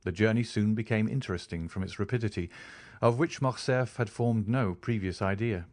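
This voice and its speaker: A man narrating a classic novel as an audiobook, in a steady, formal storytelling manner. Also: on the low side, moderate pace, no room sound. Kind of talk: scripted narration.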